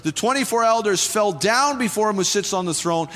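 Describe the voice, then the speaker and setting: High-voiced man preaching in a church hall. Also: lively intonation, fairly quick, fairly bright tone. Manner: passionate preaching, repeats phrases, rises to fervent exhortation. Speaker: pastor. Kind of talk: sermon. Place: church sanctuary. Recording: church hall reverb with faint music.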